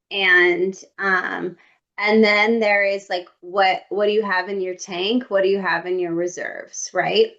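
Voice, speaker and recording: A woman co-hosting a podcast, telling stories in a lively, comic, casual way with playful asides. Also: mid-range voice, a little slow, muffled recording. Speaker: podcast co-host. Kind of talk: casual storytelling chat.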